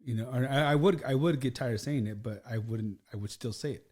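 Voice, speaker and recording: A middle-aged man, a guest on a podcast and former teacher, talking in casual chat with a halting, hesitant manner full of restarts. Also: medium pitch. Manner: hesitant, restarts often, quiet agreement.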